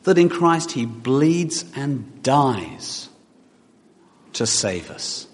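A man's voice: mid-range voice, sing-song, drawn-out words. A man preaching a sermon to a congregation, reading scripture aloud and putting direct questions to his listeners. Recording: long hall reverb in church.

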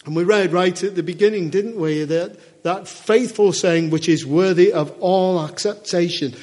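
High-voiced preacher, chatty. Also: male voice, normal speed, a little mellow. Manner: conversational, asks the congregation rhetorical questions. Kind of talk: sermon.

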